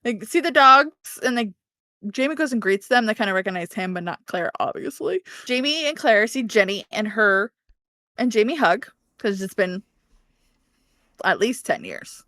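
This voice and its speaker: A woman's voice: mid-range voice, lively intonation, normal speed, sharp tone, dry recording, clean studio sound. A woman co-hosting a book podcast, casually recapping chapters, laughing often and acting out characters' lines. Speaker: podcast co-host.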